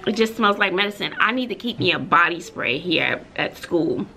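A woman's voice: lowish voice, a little fast, creaky, a little hiss or hum. A woman teacher with a Texas accent, vlogging casually from her classroom at lunch and telling stories with sudden squeals. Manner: chatty, animated storytelling with sudden squeals. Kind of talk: casual vlog chat.

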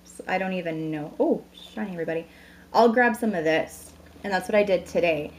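A woman's voice: lowish voice, brisk. A woman in her thirties chatting at home into a camera mic, bubbly and talkative, introducing products and a new baby. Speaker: beauty vlogger. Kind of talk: casual vlog chat.

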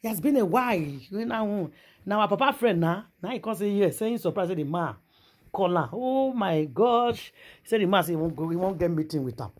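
A woman with a Nigerian accent telling a gossip story in a casual vlog, animated and exclamatory, mixing Pidgin and English. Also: medium pitch, fairly quick. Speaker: gossip vlogger.

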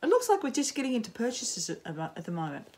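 A middle-aged Australian woman chatting casually as a knitting podcaster at home, rambling and self-mocking, with frequent ums and quick laughs. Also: fairly high pitch, huge pitch swings, warm tone. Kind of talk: casual chat to camera. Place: home, in sunshine.

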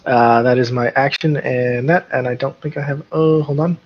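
A man with a medium-pitched, ordinary voice takes his turn in an online tabletop game, fumbling through his actions with hesitant pauses and quick restarts. His voice comes over dull, lo-fi voice chat audio. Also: steady tone. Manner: hesitant, lots of uh and restarts, chuckling. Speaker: player.

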